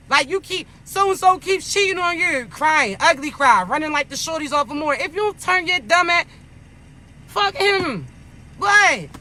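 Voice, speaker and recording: A man's voice: extremely high pitch, sharp tone. A man giving a casual spiritual pep talk in a blunt, profane, scolding manner. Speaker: spiritual content creator.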